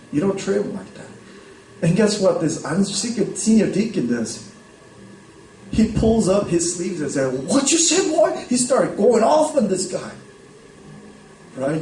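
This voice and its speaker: Casting: man, pastor, chatty storytelling sermon, fairly high voice, recorded from a distance in a church hall. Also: sing-song, unhurried, long pauses, dark tone, a little hiss or hum. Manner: conversational storytelling, frequent "right?" checks. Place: church sanctuary.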